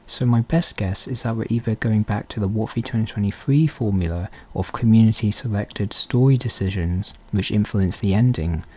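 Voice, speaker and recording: A man hosting a fan theory channel, talking quietly and softly through a scripted commentary. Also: on the low side, husky. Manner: quiet, hushed, soft-spoken delivery.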